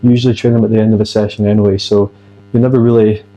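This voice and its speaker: A man talks through his arm workout in a relaxed, coaching way, his low voice staying fairly flat. He sounds a little out of breath between sets. Faint music plays in the gym behind him. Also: racing, low-quality recording. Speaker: fitness vlogger. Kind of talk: casual gym vlog talk. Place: gym, indoors.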